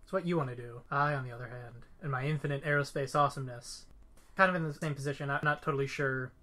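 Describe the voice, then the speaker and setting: Twenty-something guy co-hosting a podcast, jokey and playful, tosses out questions, normal pitch. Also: quick pace, pushed and bright. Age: 20s. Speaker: podcast co-host. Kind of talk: casual chat.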